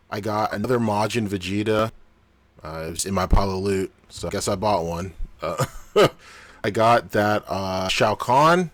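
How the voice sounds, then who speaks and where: Deep-voiced man chatting on a podcast. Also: no room sound. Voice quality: unusually deep on this mic. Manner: laughing, loose and profane. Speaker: podcast co-host. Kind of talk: casual chat.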